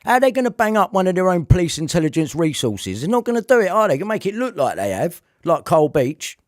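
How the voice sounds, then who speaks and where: A man's voice: high-pitched, sing-song, quick pace, no echo, studio quality. A man delivering a heated, repetitive rant to camera, swearing often. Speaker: vlogger.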